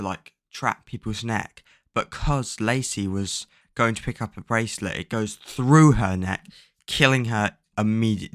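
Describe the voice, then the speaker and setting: A man with a lowish, gravelly voice talks through a story recap in a loose, rambling way, swearing often and filling gaps with ums. The sound is dry and close, recorded at home. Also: a bit bright, no room sound. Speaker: book plot summarizer. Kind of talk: casual plot recap. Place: at home, bedroom with a cat.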